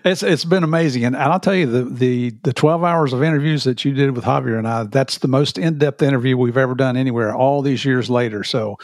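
Relaxed male podcast co-host, dry sound. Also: mid-range voice, fairly quick, hardly any pauses, no echo. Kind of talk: casual podcast chat.

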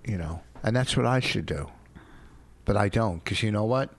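A man's voice: fairly low pitch, expressive, moderate pace. A man co-hosting a casual talk show with his wife, rambling through comic, indignant gripes. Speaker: comedian podcast co-host. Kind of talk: casual married-couple banter.

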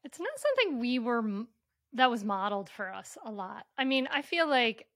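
Soft-spoken woman podcast host, dry close sound. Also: on the high side, very animated, dry recording. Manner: soft-spoken, reflective, halting with many restarts. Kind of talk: casual conversational interview.

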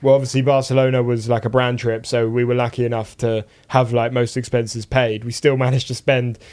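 Young man, mid-pitched, easygoing chatty co-host. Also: flat delivery, brisk, a little mellow. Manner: chatty, reads out listener questions. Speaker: podcast co-host. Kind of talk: casual chat.

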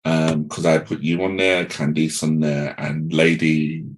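A man with a very low voice hosts a casual podcast chat. He tells stories in an animated way, full of "um"s, and acts out what other people said. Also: a little slow. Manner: animated storytelling with acted-out quotes and many fillers. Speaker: podcast host.

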